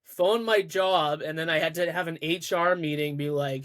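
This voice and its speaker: A man's voice: fairly high pitch, normal speed, fairly bright tone. A man co-hosting a podcast, telling a sheepish, wry story about himself. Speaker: podcast co-host. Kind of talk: casual podcast chat.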